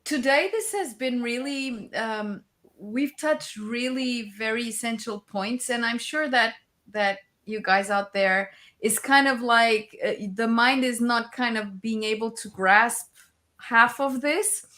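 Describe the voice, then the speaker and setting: A woman co-hosting a spiritual talk show with a bright, slightly higher voice. She speaks slowly and hesitantly, pausing on fillers as she invites listeners.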